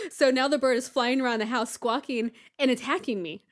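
Animated woman telling a story. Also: high-pitched, moderate pace. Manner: animated, acts out panicked voices with laughter. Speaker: podcast co-host. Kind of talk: casual storytelling chat.

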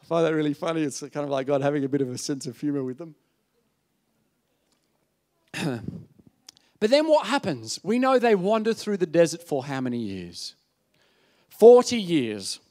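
A man preaching a sermon, telling a story in an animated way, acting out voices and often asking the audience "yeah?". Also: a little high, moderate pace, long pauses.

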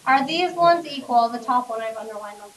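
High-voiced woman teaching math in class. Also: lively intonation, a little fast, echoey room. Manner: questioning, coaxing students step by step. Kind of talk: classroom lecture. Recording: distant classroom recording.

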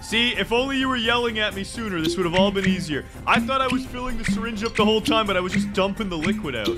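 A man giving frantic, excitable, self-mocking commentary as he plays a game. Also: high voice, quick pace. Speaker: gamer. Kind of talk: let's play commentary. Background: loud game music.

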